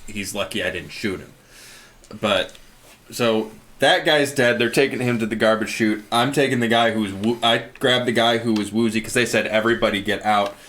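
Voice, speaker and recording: A man's voice: mid-range voice, fairly even intonation, brisk, fairly bright tone. A man player in a tabletop game, describing his character's actions in a casual, rambling way.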